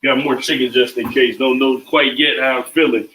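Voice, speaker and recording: A man's voice: mid-range voice, steady tone, normal speed, sharp tone, slight background noise. A man hosting a casual cooking livestream from his home kitchen, talking loosely and repeating phrases like a chant. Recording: echoey kitchen, mic at a distance.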